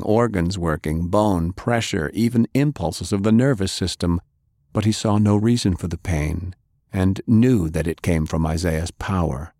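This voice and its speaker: A man narrating a fantasy audiobook in a measured, even storytelling voice. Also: low voice, no echo, studio quality.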